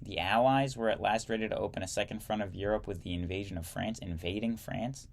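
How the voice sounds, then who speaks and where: A man's voice: on the low side, fairly quick, creaky. A man reading a history text aloud, often stumbling and correcting himself, with wry asides to the listener.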